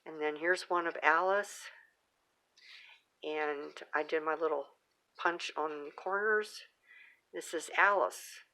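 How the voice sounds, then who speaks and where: A woman's voice: low-pitched, slow, long pauses, pushed and bright. A middle-aged woman hosting her own craft channel, chatting casually with plenty of fillers and restarts as she shows off her handmade work. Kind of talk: casual show-and-tell.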